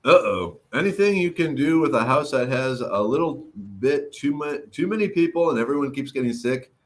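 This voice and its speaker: A man's voice: medium pitch, animated, moderate pace. A middle-aged man hosting a casual livestream, greeting viewers by name and chatting while his throat recovers. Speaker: livestream host. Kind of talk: casual livestream chat reading comments.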